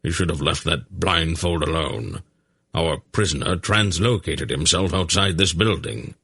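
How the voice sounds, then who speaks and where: A man voicing an ancient, shrewd sorcerer who speaks in a dry, measured way, in an audiobook. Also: low voice, expressive, vocal fry, sharp tone, slightly rough, no room sound, exaggerated voice. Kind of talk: audiobook character voice.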